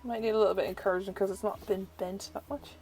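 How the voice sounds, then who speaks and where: A woman's voice: medium pitch, fairly even intonation, rapid-fire, music in the background, low-quality recording. A young woman tarot reader, chatting through a first look at an oracle deck and filling her talk with "like". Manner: chatty, uses "like" a lot; gushing, easily delighted.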